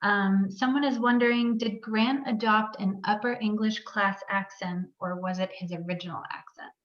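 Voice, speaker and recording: A woman's voice: medium pitch, fairly even intonation, normal speed. A woman moderating an author talk over a video call, politely thanking the guest and reading out audience questions. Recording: roomy, dull video-call audio.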